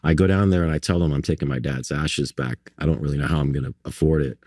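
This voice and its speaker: Low-voiced man telling animated stories. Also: fast talker, breathy edge, dry recording, studio quality. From New York and Barbados. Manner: animated, acts out the voices of the people in his stories; frequent restarts and fillers. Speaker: guest artist. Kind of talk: conversational storytelling.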